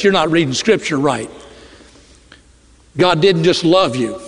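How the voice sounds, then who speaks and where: A middle-aged male pastor preaching a sermon, earnest, slowing and dropping his voice low on key phrases. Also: expressive, breathy edge, long reverb tail.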